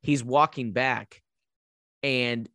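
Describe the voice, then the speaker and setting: A man's voice: medium pitch, extremely slow, no room sound, studio quality. Man animatedly recapping a horror film. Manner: animated storyteller, recapping plot with asides. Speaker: podcast co-host. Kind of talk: casual movie recap chat.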